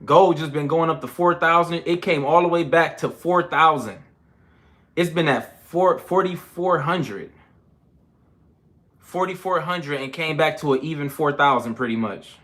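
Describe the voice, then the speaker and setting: A young man hosts a casual trading livestream, his voice on the high side and unhurried. He's out of breath from push-ups, talking loose, slangy and animated as he counts reps between bits of chart talk.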